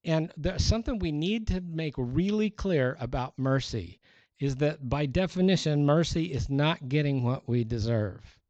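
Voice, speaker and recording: A male pastor preaching a sermon in an animated, conversational way with playful exaggeration. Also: a little high, measured pace, dry recording. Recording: dull, dry sound.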